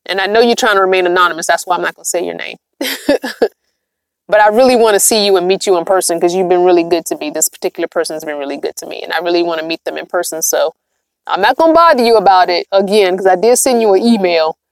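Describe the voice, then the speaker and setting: A woman's voice: on the low side, fast, dry recording, clean studio sound. Chatty, emphatic woman livestreaming. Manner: chatty, emphatic, repeats herself. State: tired, yawning. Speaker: vlogger hosting a livestream. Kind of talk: casual livestream chat with viewers.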